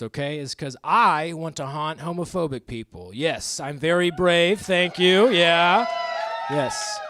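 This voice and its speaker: A man in his thirties doing live stand-up comedy on a club stage, crude and self-mocking, with quick asides to the crowd. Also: a little high, noisy background. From American Midwest.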